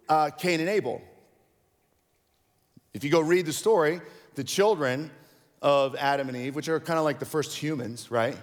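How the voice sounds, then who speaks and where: A man preaching a sermon as pastor, casual and animated, acting out quoted lines in a conversational way. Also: a little high, in a large hall. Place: church hall.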